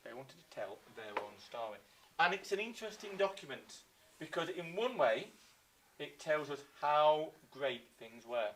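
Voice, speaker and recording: A man with an English accent teaching a live online history lesson to children, telling the story with lively acted-out voices. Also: on the high side, normal speed, slight background noise. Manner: lively storytelling, acts out scenes in silly voices. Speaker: primary school teacher.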